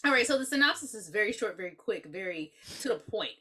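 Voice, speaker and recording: A woman co-hosting a podcast, reviewing a horror movie in a casual, animated, profane chat and laughing often. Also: mid-range voice, fast, breathy edge. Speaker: podcast co-host.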